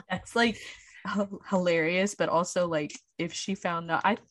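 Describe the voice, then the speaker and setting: A woman's voice: fairly low pitch, steady tone, slow, a bit bright, dry recording. A young woman co-hosting a casual chat, reading confessions aloud, swearing freely and laughing often. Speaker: podcast co-host.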